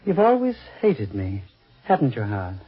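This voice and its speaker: An actor playing a calm, icily threatening middle-aged stepfather in a 1940s radio drama. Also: mid-range voice, normal speed, breathy edge, soft background music. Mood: menacing. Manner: calm, icy, quietly threatening. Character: cold, menacing middle-aged stepfather with a knife. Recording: dull old radio recording.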